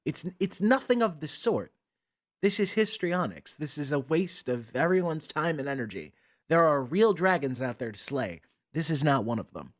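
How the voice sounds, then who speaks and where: A man's voice: a little high, very animated, moderate pace. A man hosting a commentary channel, ranting with exasperated sarcasm and often repeating words as he starts a sentence.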